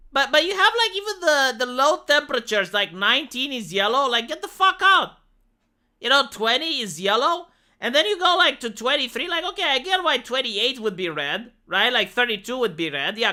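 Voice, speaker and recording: Animated, bright-voiced woman ranting on a livestream. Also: high-pitched. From Romania. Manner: profane, exasperated, many restarts and fillers. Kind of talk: casual livestream rant.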